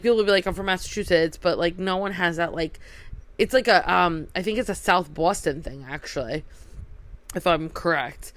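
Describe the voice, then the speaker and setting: A woman's voice: on the low side, a bit bright, clean tone, no room sound. A young woman from New York telling a rambling casual story, swearing freely and saying "like" constantly. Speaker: vlogger.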